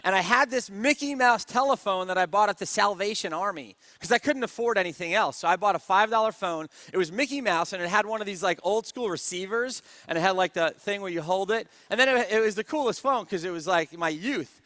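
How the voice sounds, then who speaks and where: A man, a network marketing speaker, telling his story in a lively motivational talk and often asking the audience questions. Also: sits high, brisk, few pauses, dry recording. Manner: energetic storyteller who keeps asking the crowd.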